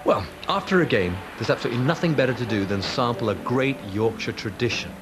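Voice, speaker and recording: A man's voice: medium pitch, expressive, fast talker, over music, poor audio. A man presenting a travel show, chatty and enthusiastic as he narrates and talks with people.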